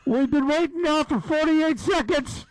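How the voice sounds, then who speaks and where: A man voicing an impatient male fast-food drive-thru worker who talks loud and clipped. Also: very high-pitched, dry recording, voice pushed up.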